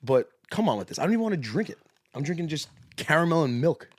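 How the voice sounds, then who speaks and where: Dry-voiced, animated young man talking casually. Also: a little high, quick pace, no room sound. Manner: animated, swears freely, laughs often. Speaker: podcast co-host, pitching coach. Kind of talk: casual podcast chat.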